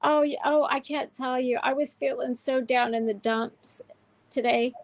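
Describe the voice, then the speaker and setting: A woman's voice: sits high, fairly even intonation, a little slow, dry recording, poor audio. A woman hosting a candid livestream chat, speaking in a heartfelt, emotional way with many restarts. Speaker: show host.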